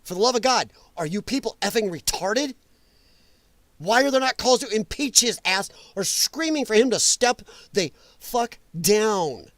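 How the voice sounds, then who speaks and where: High-pitched, heated ranting man. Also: lively intonation, measured pace, fairly bright tone, no room sound. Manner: heated, sarcastic, mocking. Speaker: political commentary host. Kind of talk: livestream rant.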